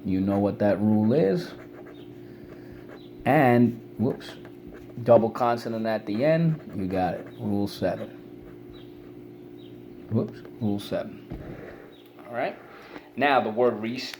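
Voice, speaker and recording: A man's voice: on the low side, dark tone, slight background noise. A man teaching children a spelling lesson in an upbeat, coaxing call-and-response style.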